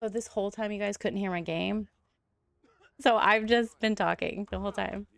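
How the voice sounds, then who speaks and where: A woman's voice: medium pitch, steady tone, moderate pace, creaky, no room sound, studio quality. A young adult woman chatting casually while streaming a game, rambling and laughing often. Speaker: gaming streamer. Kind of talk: casual live stream chat.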